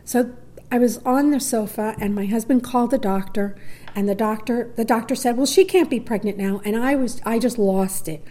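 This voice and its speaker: A woman's voice: on the high side, normal speed, warm tone. A middle-aged woman telling a personal story, acting out quoted voices and dropping to near whispers. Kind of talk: personal story told to a listener.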